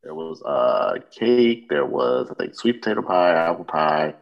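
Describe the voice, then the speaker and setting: A man's voice: deep voice, very animated, measured pace, creaky, dull audio. A man co-hosting a podcast, laid-back in casual chat, often giving short replies. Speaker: podcast co-host.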